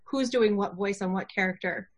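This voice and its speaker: A woman giving a chatty self-introduction in a class over a video call. She talks in an animated way with many fillers and laughs. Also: mid-range voice, normal speed. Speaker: voiceover student introducing herself.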